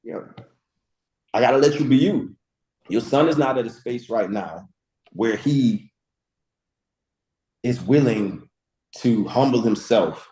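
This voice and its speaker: Animated storytelling man, echoey room. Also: mid-range voice, slow pace, long pauses. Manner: storytelling with slang, acts out quotes. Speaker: guest speaker. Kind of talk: animated motivational talk.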